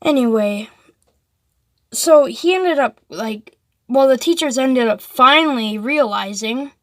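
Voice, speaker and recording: A woman's voice: high voice, takes it slowly, a bit bright, no room sound, studio quality. A woman telling a story casually, rambling with lots of "like" and restarts.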